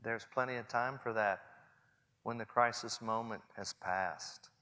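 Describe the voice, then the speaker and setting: A man in his forties preaching a sermon earnestly, swinging between hushed and loud passages. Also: fairly low pitch, fairly even intonation, a little slow. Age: 40s. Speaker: pastor. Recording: long hall reverb.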